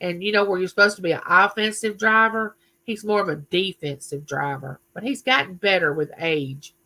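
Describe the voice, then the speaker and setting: A woman's voice: lowish voice, moderate pace, pushed and bright, rough recording. A woman, chatting casually and telling stories on her live stream, greeting viewers by name. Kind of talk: casual chat.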